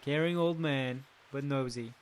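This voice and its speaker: A man's voice: medium pitch, measured pace. A man casually commenting as he plays a video game, chatting to his viewers and joking along. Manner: chatty, talks to viewers, jokes and laughs. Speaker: gaming channel host. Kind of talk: casual let's play commentary.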